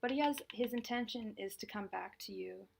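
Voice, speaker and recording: A woman's voice: mid-range voice, a little fast. A woman reading tarot on a live stream, chatting in a rambling way with lots of fillers and restarts. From California. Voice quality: slightly gravelly voice. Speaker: tarot reader.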